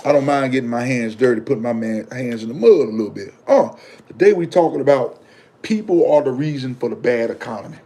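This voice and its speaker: Animated and brisk, this mellow mid-range male voice belongs to a vlogger delivering a casual monologue to his audience. He preaches with emphasis, circles back to the same points, slips into loose slang, and responds to commenters.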